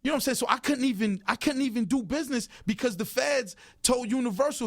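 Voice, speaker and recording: High-voiced emphatic man telling stories. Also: fast talker, creaky, hardly any pauses, dry recording, clean studio sound. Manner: emphatic, storytelling, repeats phrases for emphasis. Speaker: interview guest, record executive. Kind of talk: animated radio interview talk. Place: radio studio. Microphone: studio microphone.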